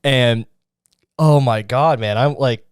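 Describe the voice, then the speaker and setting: Smooth-voiced young man rambling comedically. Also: medium pitch, slow, no echo, clean studio sound. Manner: rambling, profane, full of fillers. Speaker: podcast host. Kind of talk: comedic podcast monologue.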